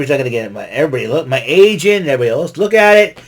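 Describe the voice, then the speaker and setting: A man's voice: medium pitch, very animated, rapid-fire. A man casually recapping a wrestling show, rambling with many fillers and restarts and chuckling often. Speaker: podcast host recapping wrestling.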